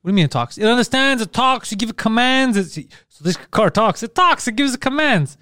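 High-voiced teasing man. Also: lively intonation, bright, forceful tone, clean tone, dry recording, studio quality. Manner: teasing, jumps into quick put-on voices. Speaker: podcast co-host. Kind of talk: casual comedic chat.

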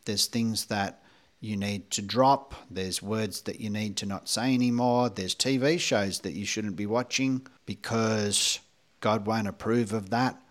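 A man's voice: lowish voice, steady tone, measured pace. A man co-hosting a spiritual podcast, talking in a conversational way and asking questions. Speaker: podcast co-host.

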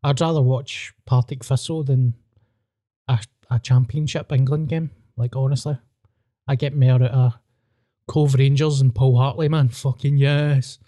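A Scottish man from Glasgow chats on his podcast, swearing freely as he rambles through anecdotes. His voice is soft and mellow. The recording is dry and close. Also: mid-range voice, steady tone, normal speed, no room sound. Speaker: podcast host. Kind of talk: casual chat.

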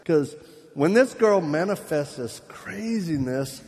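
A man's voice: a little high, slow. Man preaching in a reverberant hall. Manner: lively, joking, acts out quoted voices; laughs at his own jokes. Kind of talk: live sermon storytelling.

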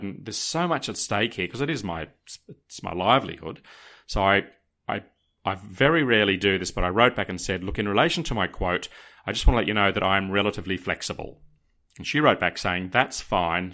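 Podcast co-host, male, lower voice, dramatic anecdote teller. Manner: animated, dramatic, addresses listeners directly. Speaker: podcast co-host telling a story. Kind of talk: casual storytelling to listeners.

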